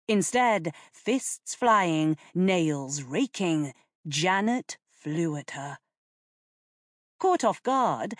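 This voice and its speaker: A woman reads a historical novel aloud in an expressive, deliberate way. Her voice sits fairly low and moves through a lively range at a slow pace. The sound is dry and close. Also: no echo. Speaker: narrator. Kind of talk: audiobook reading.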